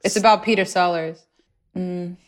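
A woman guesting on a comedy podcast, deadpan and blunt with casual swearing in improvised banter. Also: lowish voice, normal speed.

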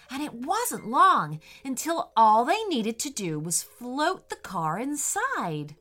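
A woman reading a children's adventure story aloud in a slow, expressive storytelling way. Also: on the high side.

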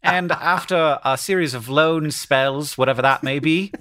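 A man's voice: a little high, fairly bright tone, no echo, studio quality. A man doing a put-on BBC-style English accent, reading out football news as an earnest male newsreader, with an uneven accent that slips in and out. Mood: mock formal. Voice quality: uneven fake accent, slipping in and out. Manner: slow, halting read of football news. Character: adult male mock British sports newsreader, earnest. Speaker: podcast co-host.

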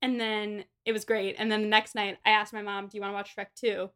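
A woman co-hosting a podcast, chatting in a casual and animated way and laughing often. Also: medium pitch, fairly quick, clean tone. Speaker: podcast co-host. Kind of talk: casual book-club chat.

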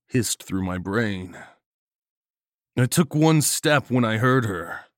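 A man narrating a first-person horror story in a measured, gritty and profane way. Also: on the low side, expressive, no echo, clean studio sound.

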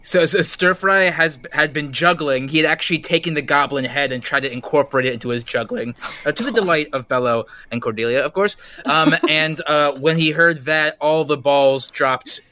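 A tabletop game player narrating a character's actions, often laughing and halting. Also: medium pitch, bright, forceful tone, no echo. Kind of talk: tabletop role-play.

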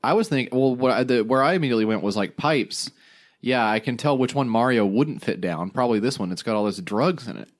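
A man's voice: mid-range voice, expressive, fast talker. A man co-hosting a comedy podcast, casual and teasing, riffing on jokes with his friend. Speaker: podcast co-host.

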